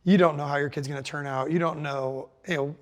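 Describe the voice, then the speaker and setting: A man in his forties talks as an interview guest, his voice sitting a little high for a man. His speech is loose and rambling, full of "like" and "you know" as he circles his thoughts in casual conversation. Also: steady tone, a little fast. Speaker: guest musician.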